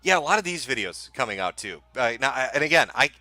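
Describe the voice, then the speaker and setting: A man's voice: medium pitch, big pitch swings, fast, pushed and bright, no echo. A man hosting a livestream, reacting to videos with crude, laughing, riled-up commentary. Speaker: livestream host.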